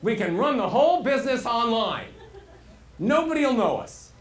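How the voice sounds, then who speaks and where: A middle-aged man teaching as a voice coach, animated and swinging his pitch widely to make his points. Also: moderate pace. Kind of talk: speaking lesson. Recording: roomy sound with faint hiss.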